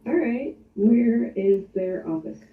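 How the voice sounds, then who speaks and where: A woman playing in a tabletop game, chatting and asking quick questions at the table. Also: fairly high pitch, reverberant, far from the mic, narrow, tinny audio, a little hiss or hum. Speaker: player. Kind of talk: casual chat at a game table.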